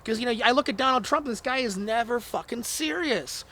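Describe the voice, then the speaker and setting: A man, a stand-up comedian guest, talking in a halting, deadpan, sarcastic way in casual chat. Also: very high-pitched, slight background noise.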